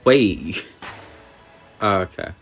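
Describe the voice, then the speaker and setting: A man's voice: low voice, expressive, very slow, a bit bright, soft background music. A young man giving wry, chatty gameplay commentary. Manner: wry, chatty, laughs at the game. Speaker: game commentator.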